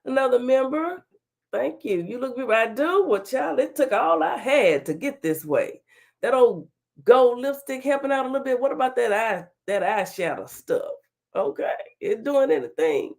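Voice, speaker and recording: A woman with a fairly high, expressive, gravelly voice and a darkish tone speaks at normal speed. Recovering from being sick, her voice is still slightly off as she hosts a chatty, folksy livestream talk show and calls out viewers by name.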